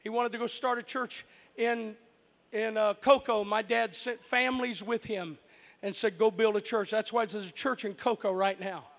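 High, bright preacher telling stories. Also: male voice, normal speed, in a large hall. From Florida. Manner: animated, breaks into shouts at story peaks. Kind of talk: storytelling sermon.

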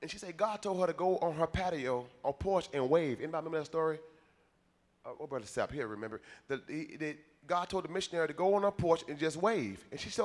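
High-voiced man preaching folksy sermon. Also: fast. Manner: conversational, folksy preaching with repetitions.

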